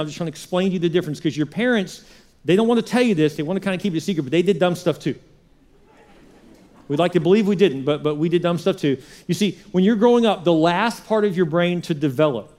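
A fairly high-pitched man delivers a sermon as a pastor. He is middle-aged and talks in a conversational way, putting the same questions to his listeners again and again. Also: a little mellow. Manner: conversational preaching, repeats rhetorical questions.

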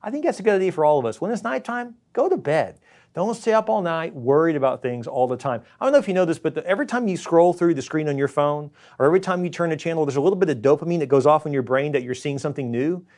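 Pastor, middle-aged man, slightly high voice, earnest sermon delivery with acted-out worried asides. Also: expressive, fast talker, darkish tone. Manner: earnest, acts out worried voices in a higher pitch.

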